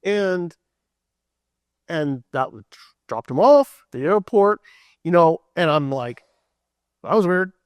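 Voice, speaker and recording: A man giving a conference keynote, telling a story in a loose, animated way with many fillers and restarts, acting out what people said. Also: on the high side, slow pace, long pauses, smooth, dry recording. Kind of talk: storytelling talk.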